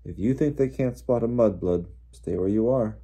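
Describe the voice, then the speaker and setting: A man's voice: lowish voice, moderate pace, warm tone, breathy edge. A man voicing a sneering teenage boy bully with a lazy, mocking drawl.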